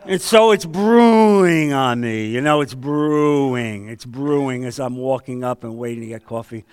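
A man leading a men's Bible study, teaching in a conversational sermon style and telling stories with sudden swings between loud and hushed delivery. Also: mid-range voice, a little slow, smooth. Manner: storytelling, acts out quoted voices, swings between loud and hushed.

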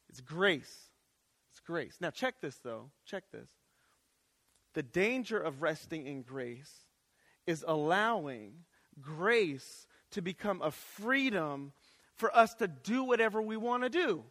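Guy preaching chapel sermon, high voice, goes from shouting to hushed, kinda casual. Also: big pitch swings, slow pace. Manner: conversational preaching, swings between shouting and hushed. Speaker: chapel speaker. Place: college chapel. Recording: reverberant chapel.

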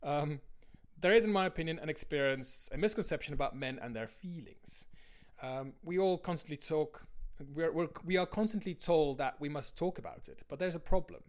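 A man's voice: a little high, moderate pace. A man who is a dad, reading his own blog post aloud in a candid, conversational way.

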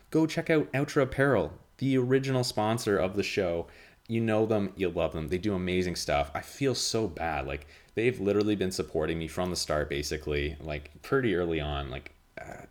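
A man hosting his own podcast, talking casually in a nasal monotone and rambling with lots of fillers and restarts. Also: extremely low pitch. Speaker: podcast host. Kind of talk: casual solo podcast chat.

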